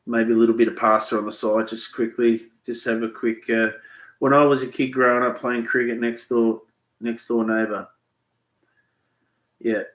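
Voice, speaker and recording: A man's voice: mid-range voice, flat delivery, normal speed, fairly bright tone, echoey room. An Australian man hosting a live Q&A, rambling and swearing as he tells a story bluntly. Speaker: fishing channel host. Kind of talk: live Q&A chat.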